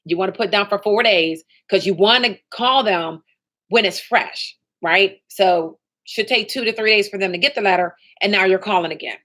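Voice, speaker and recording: A woman's voice: medium pitch, moderate pace, a bit bright. A woman running a live training session for sales agents, upbeat and motivational, often checking in with "okay?" and "right?".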